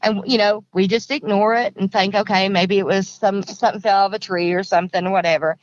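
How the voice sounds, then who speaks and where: A woman's voice: mid-range voice, steady tone, fairly quick, lo-fi sound. Rambling woman telling a story. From Kentucky. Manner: rambling, repeats herself, plain country grammar. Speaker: guest recounting an encounter. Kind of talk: casual storytelling.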